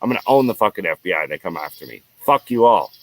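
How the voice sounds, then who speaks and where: He has a deep voice, is very animated, and talks fast: an American host going solo on his own show. The rant is angry, profane, and heavily repetitive.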